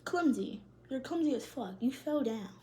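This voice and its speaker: A woman's voice: sits high, lively intonation, moderate pace, background noise. A young woman, doing a casual tarot reading in loose, profane slang and laughing often. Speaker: tarot reader.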